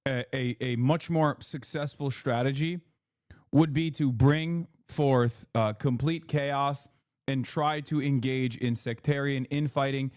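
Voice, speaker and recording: A man's voice: medium pitch, a little mellow, clean tone, dry recording, clean studio sound. Heated man streaming commentary. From United States. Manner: heated, indignant, many fillers and restarts. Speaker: live streamer. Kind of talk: live-stream political commentary.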